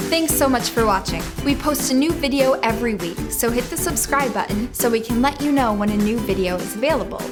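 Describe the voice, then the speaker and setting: A woman giving a scripted pronunciation lesson, explaining step by step in a clear, encouraging way. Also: fairly high pitch, expressive, brisk, few pauses, over loud music. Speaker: English teacher.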